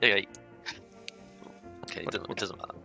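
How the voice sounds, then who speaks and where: A man playing a tabletop game, loud and joking. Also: sits low, steady tone, fairly quick, creaky, faint music behind. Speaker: player.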